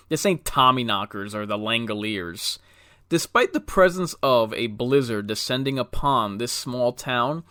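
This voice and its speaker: A man's voice: medium pitch, fairly bright tone, dry recording. A man reading a scripted film review with dry, wry humor.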